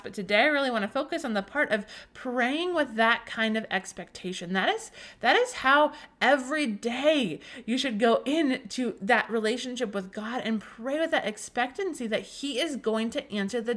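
A young woman with a somewhat high voice hosts a casual faith podcast. She tells a personal story earnestly and emotionally. Her speech is full of restarts and fillers. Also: fairly bright tone. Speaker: podcast host.

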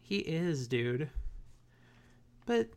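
Woman, young adult, casual co-host chat, slangy and loose, very animated intonation. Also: sits low, drawn-out words. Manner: slangy, laid-back, trails off and restarts. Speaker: podcast co-host. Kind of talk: casual chat recapping a cartoon episode.

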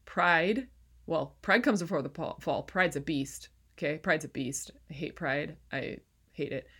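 A woman's voice: low-pitched, measured pace, fairly bright tone, slightly rough. A woman speaking as a faith-based life coach, sharing an emotional personal testimony in a casual, fervent, preachy way, close to tears, and calling her listeners "you guys" and "baby.".

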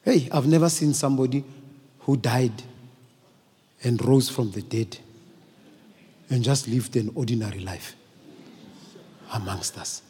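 Emphatic preacher, hall reverb. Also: male voice, medium pitch, a little slow, pauses often, mellow, husky. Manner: emphatic, repetitive, call-and-response. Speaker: bishop preaching. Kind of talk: sermon. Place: church service. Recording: long church reverb.

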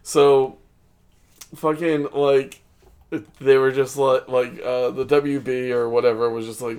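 A man's voice: medium pitch, slow pace, smooth. A man co-hosting a casual podcast chat, telling stories animatedly with frequent laughter and acted-out quotes. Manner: animated storytelling, laughs often, acts out quotes.

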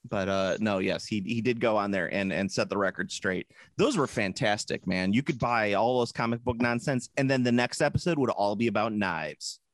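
A man co-hosting a podcast in casual chat, rambling and animated, often breaking into silly put-on voices. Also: on the low side, normal speed, few pauses, no echo, clean studio sound. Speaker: podcast co-host.

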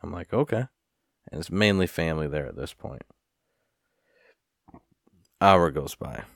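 A man's voice: a bass voice, unhurried, creaky, a bit bright, dry recording, studio quality. A man telling a rambling, profane story in a casual rant, sighing now and then. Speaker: vlogger.

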